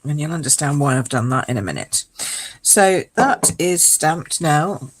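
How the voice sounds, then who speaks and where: A woman hosting a live card-making demonstration, chatty and explaining each step as she goes, with a croaky voice. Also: low voice, animated, a little slow, rough recording.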